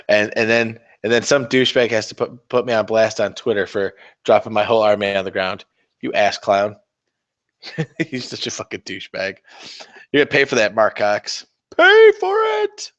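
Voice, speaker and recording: A man's voice: fairly low pitch, steady tone, normal speed, pauses often, a bit bright, lo-fi sound. Profane, rambling man chatting while painting. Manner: rambling, profane, self-mocking banter. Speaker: miniature-painting livestream host. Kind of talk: casual live-stream chat while painting.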